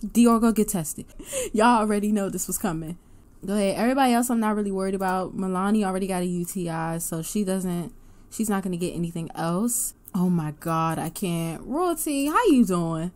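A woman hosting her gaming channel, giving excitable casual commentary with loud gasps and outbursts. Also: medium pitch, a little fast. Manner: excitable, gasping and laughing reactions, loud outbursts.

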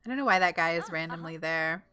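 A young woman giving casual, giggly let's-play commentary, gushing and voicing her character in quick asides. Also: deep voice, a crowd in the background. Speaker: gameplay commentator.

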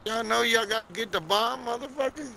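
A man's voice: extremely high pitch, a little fast, creaky, background noise. A man trading profane, mocking insults with other players over a game's voice chat. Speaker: online game player. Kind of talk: trash talk over game voice chat.

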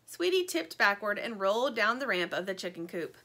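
Bright, animated woman reading a storybook. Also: medium pitch, a little fast, hardly any pauses. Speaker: narrator. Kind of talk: reading a children's story aloud.

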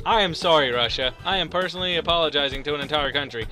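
A young man commentating a physics game he is playing, excitable, swearing and shouting at the screen. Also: a little high, fast, hardly any pauses, faint music behind. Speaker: gaming YouTuber. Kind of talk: let's play commentary.

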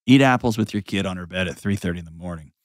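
A man's voice: deep voice, fast talker, dry recording. A man in his forties hosting an advice show, talking emphatically and bluntly, with mocking put-on voices and heartfelt stories. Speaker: host giving advice. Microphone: studio mic.

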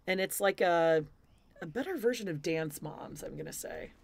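A woman's voice: lowish voice, lively intonation, normal speed. Chatty podcast co-host woman. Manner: chatty, frank, swears freely; ends with show announcements. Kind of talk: casual chat.

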